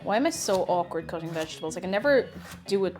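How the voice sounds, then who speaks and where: A woman's voice: on the low side, expressive, quick pace, music in the background. A woman chatting casually to viewers while cooking on a livestream, greeting them and laughing at herself. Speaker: streamer.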